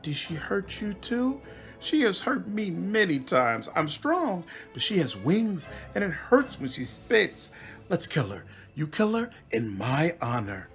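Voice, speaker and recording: A man's voice: high-pitched, very animated, a little slow, faint music behind, voice pushed up, full character voice. A man voicing a vain female swamp demon queen who is petulant, whiny and awkwardly flirtatious.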